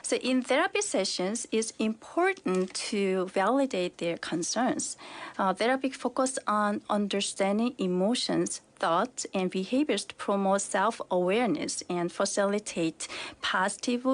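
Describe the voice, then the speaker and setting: Woman, therapist, native Korean, calm, explanatory, radio studio. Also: mid-range voice, unhurried. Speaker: art therapist guest. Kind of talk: radio interview.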